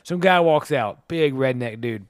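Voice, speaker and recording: A man co-hosts a podcast, chatting casually and telling animated stories in which he acts out quotes. He talks a little slowly in a mid-range voice, recorded at studio quality with no room sound.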